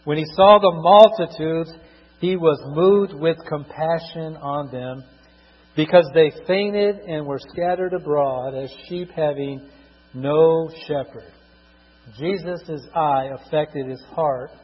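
A middle-aged man preaching a sermon, husky, swinging between loud emphatic bursts and quiet asides, drawing out scripture verses slowly. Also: fairly high pitch. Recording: dull lo-fi recording in a reverberant hall with mains hum.

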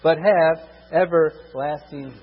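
A man delivers a sermon in a husky, somewhat high voice, hammering his points through repetition and sudden swells in volume. His words ring out with a long reverb, as if in a large church, and the recording sounds dull and muffled. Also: takes it slowly. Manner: emphatic, repetitive, rises and drops in volume for stress. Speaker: preacher.

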